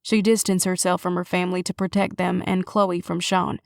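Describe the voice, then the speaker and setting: A woman's voice: on the low side, flat delivery, normal speed, creaky, no room sound. A level-headed male police chief delivering hard news with firm reassurance, as a woman narrator puts him on. The read is close and dry, with no room around it. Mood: grave. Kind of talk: audiobook character reading.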